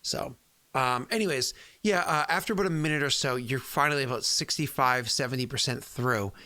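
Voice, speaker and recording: A man's voice: mid-range voice, a little fast, bright, forceful tone. A man running a tabletop game as game master, rambling with many fillers and frequent laughs.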